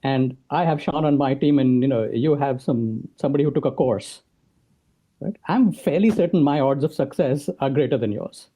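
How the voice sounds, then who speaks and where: This man, appearing as a podcast guest, has a warm, medium-pitched voice and a moderate pace. He explains his thinking conversationally and keeps checking in with "right?"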